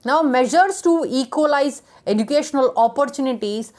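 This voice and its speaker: High-voiced woman lecturing through a list. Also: normal speed, a little mellow. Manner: enumerating points with fillers and restarts. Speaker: teacher. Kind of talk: lecture reading out points.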